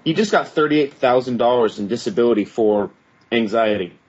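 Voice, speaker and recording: A man's voice: medium pitch, fairly quick, slightly rough. A man co-hosting a podcast in casual chat, bringing up news stories with wry jokes. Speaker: podcast co-host. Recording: dull lo-fi podcast audio.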